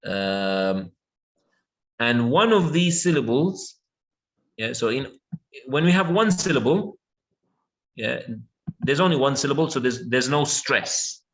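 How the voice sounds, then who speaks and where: A man's voice: mid-range voice, animated, slow, pauses often, low-quality recording. A man teaching an English lesson, patiently repeating words and checking that his student follows.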